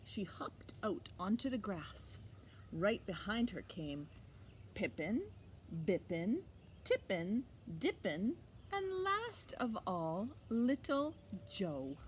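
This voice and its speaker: A woman librarian reading a picture book aloud to children, expressive and animated, pausing for little asides to the listener. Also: medium pitch, slight background noise. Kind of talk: storytime read-aloud for children.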